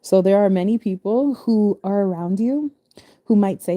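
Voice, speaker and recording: A woman's voice: mid-range voice, normal speed, mellow, no echo. A woman casually reading scripture verses aloud and explaining them in loose, chatty asides, often restarting her phrases and laughing easily. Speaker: spiritual reader.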